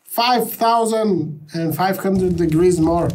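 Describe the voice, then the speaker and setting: A man with a high voice giving playful game commentary, dramatic and jokey as he plays. He talks at an unhurried pace. Game music plays clearly behind his voice. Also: animated, rough recording. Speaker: gamer.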